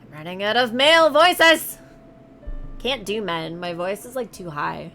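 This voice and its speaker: A woman's voice: medium pitch, lively intonation, unhurried, creaky, bright, forceful tone, faint music behind. A woman reading a visual novel aloud on a stream, with casual, self-mocking asides. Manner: casual, laughs at herself, asides. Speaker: narrator reading a game aloud.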